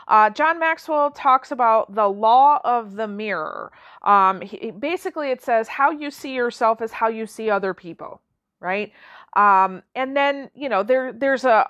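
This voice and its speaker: A woman hosts a solo podcast in a chatty, informal way. She keeps restarting her phrases and filling pauses. Her voice sits a little high and dry, close to the mic. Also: fairly bright tone, no room sound. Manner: chatty, with many fillers and restarts. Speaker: podcast host.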